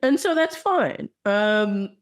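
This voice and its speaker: A woman co-hosts a podcast in loose, casual conversation, her voice medium in pitch with lively intonation and a slow pace. She sounds enthusiastic and playful, dropping slangy asides and plenty of ums.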